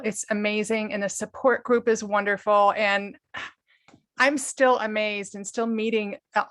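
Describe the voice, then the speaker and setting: A woman's voice: medium pitch, a bit bright, no echo. A woman mentor giving an earnest, enthusiastic testimonial on a video call.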